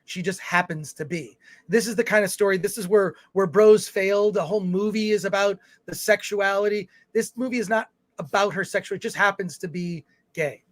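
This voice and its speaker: A man's voice: high voice, a little fast, no echo. A man co-hosting a film review livestream, reading viewer comments aloud in casual chat with fillers and restarts. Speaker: film review show co-host.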